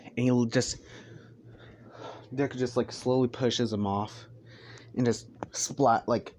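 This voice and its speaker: A man's voice: mid-range voice, fairly even intonation, slow, a little mellow, a little hiss or hum. A young man casually narrating a fan-fiction story in a crude, joking, rambling way.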